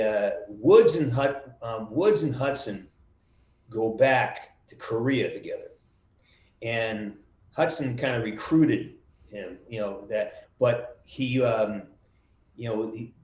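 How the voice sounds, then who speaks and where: A middle-aged man being interviewed over a video call, telling lively stories and acting out the quotes, with some swearing. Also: medium pitch. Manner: animated storyteller, acts out quotes with swearing. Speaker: voice actor guest. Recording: roomy video call audio.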